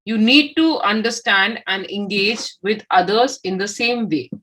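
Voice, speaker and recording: A woman with an Indian English accent, a communication skills trainer giving a lively motivational lecture and asking her audience questions. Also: medium pitch, measured pace, low-quality recording. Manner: expressive, acts out example replies, asks the audience questions.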